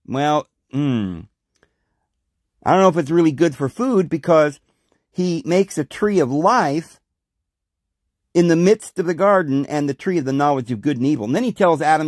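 A man hosting a podcast, reading scripture aloud and commenting on it with animated rhetorical questions. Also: fairly high pitch, measured pace, no room sound, studio quality. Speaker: podcast host.

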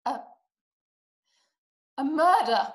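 Femme qui joue une dame aisée, impérieuse et paniquée, aiguë et lente. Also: female voice, sits high, animated, very slow, heavily acted, poor audio. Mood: shaken. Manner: urgent, demanding, scolding. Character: frantic, imperious wealthy woman. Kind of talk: amateur video-call play.

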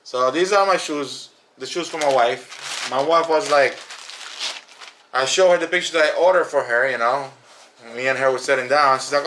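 A man giving a casual product review on a family channel, talking in an emphatic, animated way and repeating words for stress. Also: mid-range voice, normal speed.

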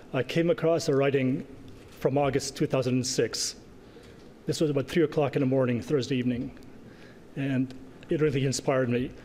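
Man, award presenter, earnest speech, pauses, echoey hall, faint background noise. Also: medium pitch, a little mellow. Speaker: award presenter, organization president. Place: large banquet hall.

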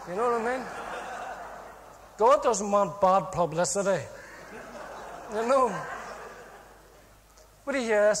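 A man's voice: high voice, long reverb tail, a little hiss or hum. A man with an Irish accent giving a comic testimony, full of jokes and punchlines. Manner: jokey, punchline-driven, animated.

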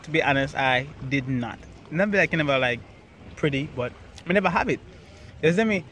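A young Jamaican man casually telling the story of how he met his partner, animated and jumping high when he quotes himself. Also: brisk, a little hiss or hum. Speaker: vlog co-host telling a couple's story.

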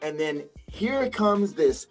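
A man, a wrestler, telling stories in a casual interview over a video call, acting out quotes with big jumps in pitch. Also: lively intonation, slow, soft background music. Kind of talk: casual storytelling.

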